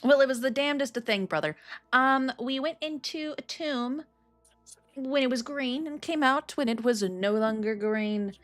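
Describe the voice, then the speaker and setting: A woman's voice: high-pitched, normal speed, a bit bright, faint music behind, pitched above the performer's own voice. A woman voicing a cheeky young female tiefling bard in a tabletop game, playful and sarcastic.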